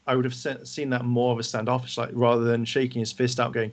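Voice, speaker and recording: A man co-hosting a casual review discussion, animated and quick to act out what characters said. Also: medium pitch. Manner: animated, acts out characters' lines while talking. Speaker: podcast co-host.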